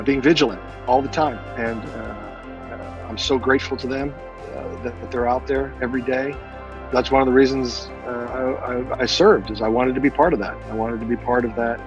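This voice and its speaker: A veteran man in a casual interview, speaking earnestly and haltingly with many fillers and repeated words. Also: medium pitch, highs cut off. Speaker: military veteran guest.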